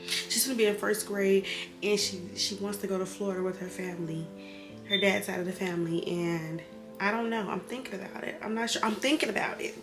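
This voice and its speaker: A woman, slightly tipsy, pours out a candid, emotional personal vlog in a mid-range voice, rambling and at times heated. Music plays clearly in the background throughout. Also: mid-range voice, fairly even intonation, brisk, reverberant. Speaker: vlogger, single mother.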